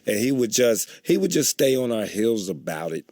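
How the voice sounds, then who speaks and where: A man's voice: on the low side, moderate pace, a little hiss or hum. A man being interviewed, telling anecdotes and acting out the voices of the people in them. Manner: animated, acts out quoted voices. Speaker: interview guest. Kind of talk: anecdotal storytelling.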